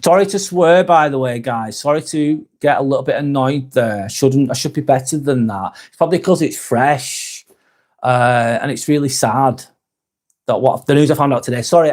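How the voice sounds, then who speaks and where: A man's voice: medium pitch, normal speed, darkish tone. A man hosting a live stream, reading chat comments aloud, swearing heavily, then apologizing.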